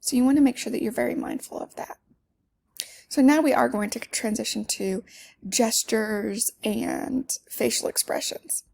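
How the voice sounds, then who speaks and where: A woman's voice: on the high side, normal speed, vocal fry, a little mellow. A woman teaching public speaking in a conversational lecture, with fillers and self-corrections. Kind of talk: lecture to students.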